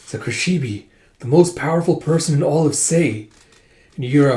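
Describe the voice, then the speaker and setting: A man's voice: on the high side, a little fast, a little mellow. A man casually recapping a manga story as host, with frequent fillers. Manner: retells with frequent 'it's like' and 'uh' fillers. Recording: roomy echo.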